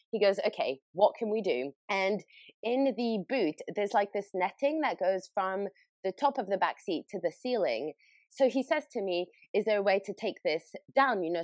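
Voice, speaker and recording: A woman's voice: mid-range voice, a little mellow, no echo. Laughing British woman telling a story. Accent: British English. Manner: chatty storytelling, often laughing. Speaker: podcast host. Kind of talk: casual chat.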